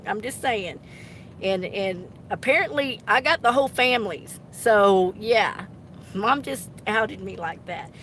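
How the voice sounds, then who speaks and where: A woman's voice: fairly high pitch, expressive, measured pace, fairly bright tone, a little hiss or hum. A woman chatting casually on a live stream, giggly and teasing, often dropping into embarrassed whispers. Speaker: artist live-streaming to viewers. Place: home art studio.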